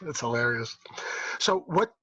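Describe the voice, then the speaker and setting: A man hosting a casual interview over a video call, chatty and quick with follow-up questions, his voice a little husky. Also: mid-range voice, lively intonation, bright, forceful tone, highs cut off. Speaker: host.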